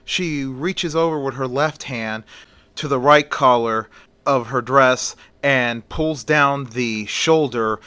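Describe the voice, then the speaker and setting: A man narrating a horror story in a slow, plain retelling manner. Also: mid-range voice, sharp tone, clear, resonant tone, dry recording.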